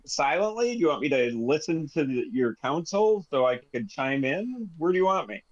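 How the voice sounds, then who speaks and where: Rambling game master on a dull lo-fi recording. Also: male voice, a little high, sing-song, normal speed. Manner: rambling, self-correcting, jokey. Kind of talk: running a tabletop game.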